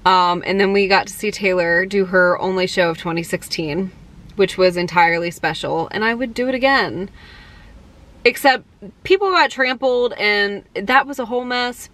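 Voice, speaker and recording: Young female vlogger, chatty and excited, casual storytelling to camera. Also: mid-range voice. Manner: excited, chatty, many "like" and "um" fillers.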